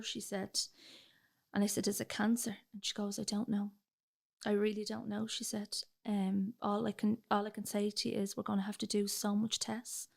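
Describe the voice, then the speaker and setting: A woman's voice: medium pitch, vocal fry. A young woman with a Dublin accent, telling her personal story as a podcast guest and acting out the dialogue. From Ireland. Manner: chatty, retells dialogue, fillers like "like".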